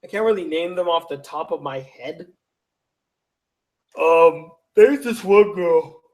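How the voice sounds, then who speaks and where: A worn-out man with a high voice drawls slowly through a livestream chat, yawning between comments. He answers his viewers with casual, profane teasing. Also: darkish tone. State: tired, yawning. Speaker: YouTube channel host.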